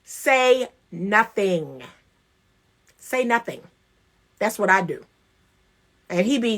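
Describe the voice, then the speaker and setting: A woman relationship coach giving emphatic, animated advice to women, acting out little scenes with playful laughs. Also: sits high, measured pace, pauses often. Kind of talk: casual advice talk to women.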